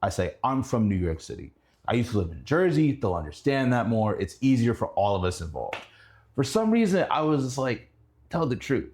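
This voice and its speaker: Animated young man telling stories. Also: brisk. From Indianapolis. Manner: animated, laughing storyteller who rises high in pitch when excited. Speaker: guest. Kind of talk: casual storytelling.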